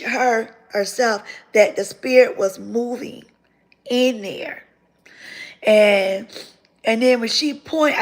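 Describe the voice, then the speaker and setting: A woman tells her own story to her viewers. Her voice sits slightly high, with a gravelly edge. She speaks with animated, repeating emphasis. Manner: animated storytelling, repeats phrases, grows tearful. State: tearful near the end. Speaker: channel host telling her story. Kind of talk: emotional testimony to viewers.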